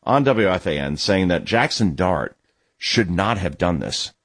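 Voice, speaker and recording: A man's voice: low voice, measured pace, breathy edge, dry recording. A man hosting a sports talk show, sarcastic and indignant as he tells stories and gives opinions. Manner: sarcastic, indignant, animated storytelling. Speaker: youth baseball coach and father.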